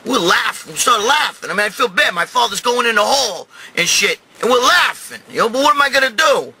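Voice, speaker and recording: Loud, profane New York Italian man. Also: extremely high pitch, expressive, brisk, slight background noise, poor audio. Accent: New York Italian-American. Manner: profane, rambling, swings to loud shouting. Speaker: show host telling a story. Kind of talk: crude comic storytelling monologue.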